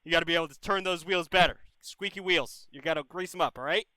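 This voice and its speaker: Man, call-in host, quick talker, smooth clear voice, swears a lot, casual. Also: a little high, sharp tone, no room sound. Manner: profane, blunt, bro-ish. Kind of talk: casual advice chat with callers.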